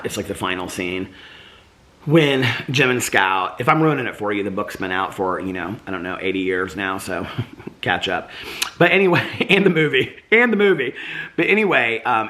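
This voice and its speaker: A man's voice: deep voice, bright, forceful tone. A man vlogging in a casual, rambling way, full of fillers and restarts. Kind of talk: casual chat to camera.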